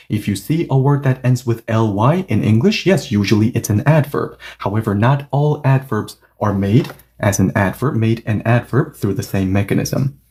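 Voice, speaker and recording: Male language teacher, mellow voice, animated delivery, patient and explanatory. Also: fairly low pitch. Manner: patient, checks understanding often. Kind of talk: online grammar lesson.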